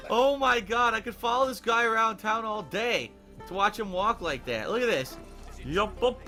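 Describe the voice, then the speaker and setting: A man's voice: very high-pitched, expressive, a little slow, pushed and bright, faint music behind. A man streaming a video game, commentating live and ranting profanely at bugs and glitches. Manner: profane, easily angered ranting.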